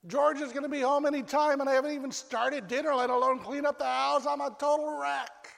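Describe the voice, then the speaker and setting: A man voicing a frantic young pregnant mother calling on the phone, talking in a high, shrill, panicky way. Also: steady tone, fairly quick, gravelly, fairly bright tone, long reverb tail, heavily acted.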